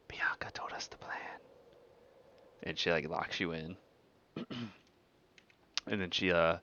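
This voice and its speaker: A man's voice: sits low, sharp tone, lo-fi sound. A man narrating as game master in a tabletop game, in loose narration full of fillers.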